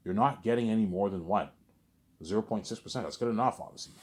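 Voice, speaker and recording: Fast-talking boastful man. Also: fairly low pitch. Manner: boastful, repetitive, swears freely. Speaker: vlogger. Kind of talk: casual rambling monologue.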